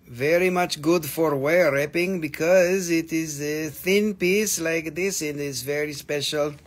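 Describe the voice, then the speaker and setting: Man, live sales host, playful put-on voice, raised pitch, salty banter. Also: a bit bright. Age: adult with a daughter. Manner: playful salesman patter with a put-on joke voice and cursing. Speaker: host selling crystals on a live stream. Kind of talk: live sales stream chat.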